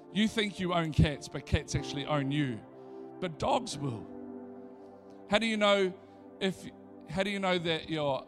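A high-pitched man preaches a sermon, moving from a relaxed storytelling tone into excited, repetitive preaching. Soft music plays faintly underneath. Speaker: pastor.

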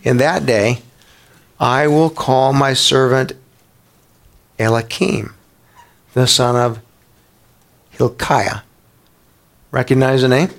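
A man's voice: mid-range voice, takes it slowly, gravelly, pauses often. A man preaching a sermon as a pastor, talking conversationally, often asking his congregation questions and restarting his words.

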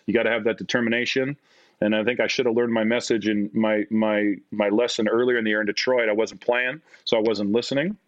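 A middle-aged man with a Canadian accent, a podcast guest telling stories in a casual, animated way. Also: fairly quick, dry recording. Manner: animated, acts out quotes in a higher voice. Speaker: podcast guest, former basketball player. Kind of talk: casual storytelling. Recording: dry, slightly dull audio.

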